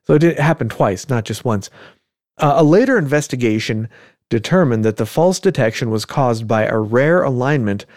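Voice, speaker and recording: A man's voice: mid-range voice, lively intonation, moderate pace, a little mellow, no echo, clean studio sound. A man hosting a podcast, telling a story in casual chat with joking asides and frequent chuckles. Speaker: podcast host.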